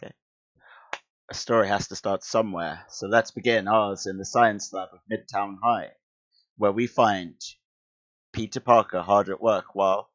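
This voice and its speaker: A man's voice: on the low side, fairly even intonation, moderate pace, a bit bright, dull audio. A man who teaches school, reading a comic aloud on a stream and breaking off into chatty, amused asides. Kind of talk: casual comic read-along commentary.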